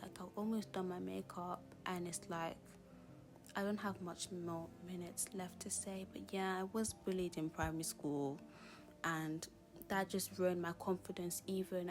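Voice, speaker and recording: A young woman from Zimbabwe, talking casually and openly as a vlogger, with many "like"s, and addressing her viewers as guys. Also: on the low side. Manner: casual, fills speech with "like" and talks straight to "guys". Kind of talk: candid personal storytelling. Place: at home, doing her makeup.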